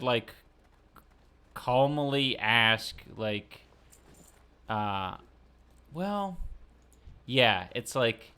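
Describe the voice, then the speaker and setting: A young man streaming a game, chatting casually and thinking aloud in a slow, halting way. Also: mid-range voice, expressive, pushed and bright, clean tone. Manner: slow, halting, many fillers and restarts. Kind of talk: casual chat while gaming.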